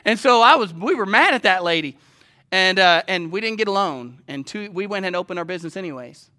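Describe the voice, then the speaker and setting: A male preacher with a high, bright voice who talks with his congregation and keeps asking whether they follow him. He swings from loud, pressing urgency to slow, hushed scripture reading. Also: lively intonation. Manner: conversational, asks the listeners questions. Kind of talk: sermon.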